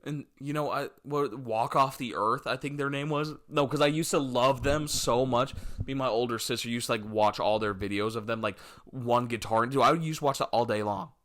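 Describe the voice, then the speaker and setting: A man's voice: mid-range voice, normal speed, hardly any pauses, a bit bright. A man in his twenties hosting a solo podcast, talking casually in a rambling, jokey way and swearing freely as he drifts between topics. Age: 20s. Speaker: podcast host.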